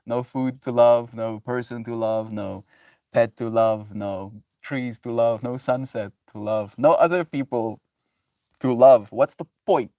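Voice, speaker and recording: A man's voice: medium pitch, measured pace, dark tone, dry recording, studio quality. A man livestreaming, musing on love and forgiveness in a rambling way, laughing often as he reads chat. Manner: rambling, laughs often, loose filler-heavy talk. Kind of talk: casual spiritual musing.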